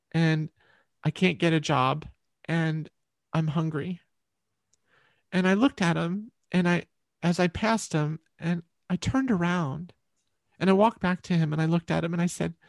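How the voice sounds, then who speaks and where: A woman's voice: lowish voice, vocal fry, no echo, clean studio sound. A woman, a guest, earnestly telling a personal story in a chatty way.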